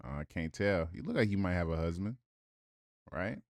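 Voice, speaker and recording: Blunt, low-voiced man reacting to comments. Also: animated, moderate pace, a little mellow, dry recording, clean studio sound. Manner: blunt, profane, reads comments aloud with rhetorical asides.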